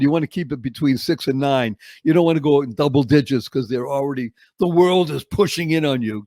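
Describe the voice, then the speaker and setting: Expressive older man, slightly high voice. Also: no echo. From Boston, United States. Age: 70s. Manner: expressive, with dramatic slow-downs and acted-out quotes. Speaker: guest. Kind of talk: animated storytelling interview.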